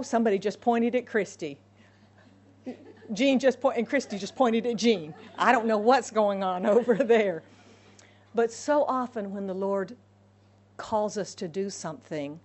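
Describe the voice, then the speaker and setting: A woman preaching a sermon to a congregation, animated, acting out voices of God and Moses. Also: medium pitch.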